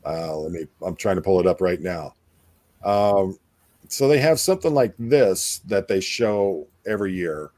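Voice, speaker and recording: A man's voice: deep voice, lively intonation, a little slow, mellow, no echo, clean studio sound. A man hosting a casual talk show, rambling with many fillers and restarts. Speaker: podcast host. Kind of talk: casual chat.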